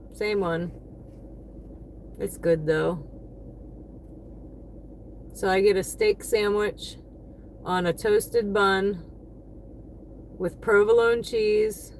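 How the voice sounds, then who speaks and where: A woman's voice: medium pitch, slight background noise. A woman chatting casually on a livestream, thanking her viewers one by one by name. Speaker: livestreaming delivery driver.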